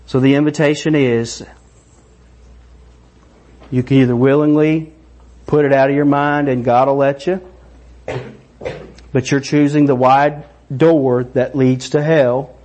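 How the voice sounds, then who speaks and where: A middle-aged man preaching a sermon, animated and excited, acting out voices. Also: mid-range voice, a little slow, pauses often. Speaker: pastor.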